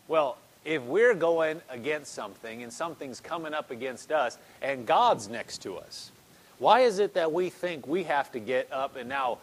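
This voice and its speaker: A man's voice: fairly high pitch, lively intonation, moderate pace, poor audio. A man preaching a sermon in a conversational way, repeating phrases and building in intensity.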